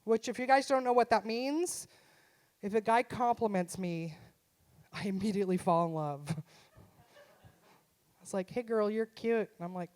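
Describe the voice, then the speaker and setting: A woman's voice: mid-range voice, unhurried, long pauses, a little mellow. A middle-aged woman, a mom, performing a punchy, self-deprecating stand-up comedy set live on a theater stage through a stage microphone. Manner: punchy, self-deprecating, acts out her son's voice.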